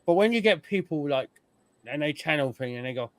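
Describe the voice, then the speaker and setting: A man's voice: on the high side, animated, a little fast, dry recording. A man hosting a casual podcast chat, telling stories and mimicking the people he describes. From United Kingdom. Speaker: podcast host.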